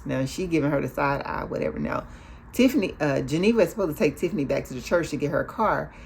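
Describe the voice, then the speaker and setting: A woman's voice: deep voice, lively intonation, quick pace, creaky, a little mellow, slight background noise. A woman hosting a casual recap of a TV show, chatty, acting out the characters' lines as she goes.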